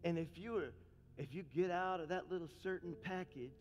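A man preaching a sermon as pastor, talking fast and frankly, then building into impassioned, fiery calls to his congregation. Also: high voice, dull audio, slight background noise. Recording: long reverb with faint music.

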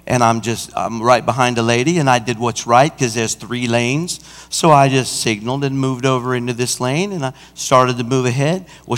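A senior pastor preaching a sermon, acting out a roadside anecdote with lively emphasis. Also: male voice, mid-range voice. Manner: animated preaching, acts out an anecdote. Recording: church hall with long reverb.

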